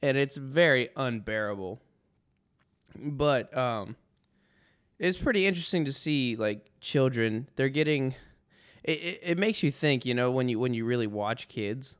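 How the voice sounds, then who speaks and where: A man with a smooth, resonant voice at an ordinary pitch, talking solo on his podcast. He rambles through a story with dry sarcasm, often stopping and restarting his sentences. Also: lively intonation, a little slow. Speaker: podcast host. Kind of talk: casual storytelling monologue.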